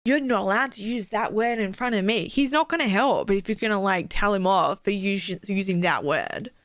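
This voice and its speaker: A woman's voice: mid-range voice, normal speed, no room sound. A young woman streaming a video game, chatting casually and animatedly with her viewers. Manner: chatty, animated, swears and laughs often. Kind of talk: casual live-stream commentary.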